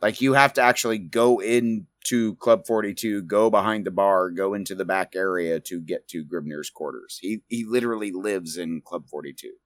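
A man's voice: low voice, moderate pace, few pauses, dry recording. A man running a tabletop game as game master, narrating casually and with some swearing.

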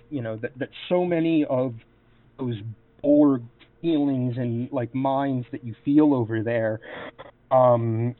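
A man's voice: medium pitch, no echo. A man narrating as game master of a tabletop game, rambling with many fillers and restarts. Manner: meandering, full of fillers and restarts. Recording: tinny call audio, dry.

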